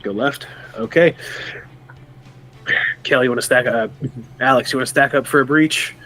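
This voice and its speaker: A man's voice: medium pitch, normal speed, bright, forceful tone. A man playing a tabletop game, talking through his character's actions and asking the game master questions. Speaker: player. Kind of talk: casual tabletop play.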